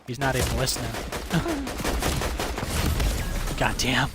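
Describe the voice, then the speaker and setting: A man's voice: medium pitch, fairly even intonation, moderate pace, heavy background noise. A man livestreaming a game late at night, telling a long rambling story in casual chat, swearing freely. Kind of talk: casual chat while gaming.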